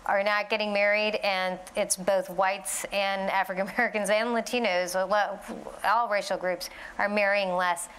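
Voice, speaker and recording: Female panelist, smooth resonant voice, direct and measured. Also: mid-range voice, level tone, a bit bright. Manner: direct, politely disagreeing. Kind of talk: panel discussion.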